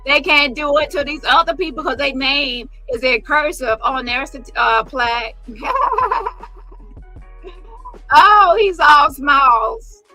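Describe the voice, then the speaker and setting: High bright sassy woman commentator. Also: measured pace, few pauses, faint music behind, poor audio. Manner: sassy, profane, mocking impressions. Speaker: commentary vlogger. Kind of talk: casual commentary on photos.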